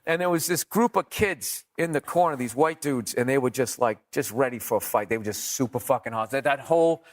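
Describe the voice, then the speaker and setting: A middle-aged comedian telling profane, animated stories in a casual podcast chat, often laughing at his own jokes. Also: medium pitch, brisk. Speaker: comedian guest.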